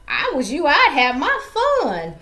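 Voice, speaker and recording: A woman's voice: high-pitched, wildly swooping pitch, slow pace, bright, forceful tone, voice pushed up, exaggerated voice. A woman voicing a sassy young college girlfriend who teases in a sing-song way. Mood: teasing.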